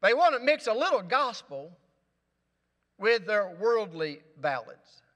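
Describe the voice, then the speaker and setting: A man's voice: sits high, very animated, a little slow, fairly bright tone. Man, pastor, preaching a sermon, emphatic, rhetorical questions, church sanctuary, long echo.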